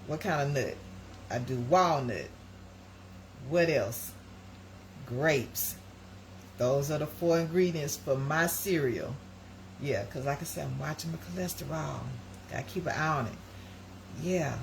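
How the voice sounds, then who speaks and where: A woman's voice: sits low, a little slow, creaky, pauses often. Brief: middle-aged woman, rambling live-stream host, chatty, noisy home recording. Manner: chatty, rambling, talks to viewers as y'all. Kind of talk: casual live-stream chat.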